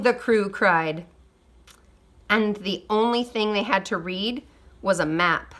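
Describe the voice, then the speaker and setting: A woman reading a children's picture book aloud, expressive, with quiet asides. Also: medium pitch, takes it slowly. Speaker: storybook reader. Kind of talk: storybook read-aloud.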